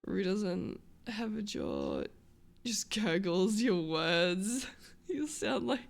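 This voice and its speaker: A woman's voice: mid-range voice, sing-song, extremely slow, vocal fry. A woman chatting casually with her stream viewers, rambling, swearing and losing her train of thought.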